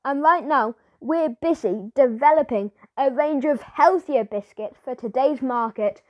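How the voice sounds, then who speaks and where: A woman doing a prim factory tour guide who speaks in a high, bright voice, polite but stern and precise. The reading is dry and close, with no room sound. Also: a little slow, dry recording, highs cut off. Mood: formal.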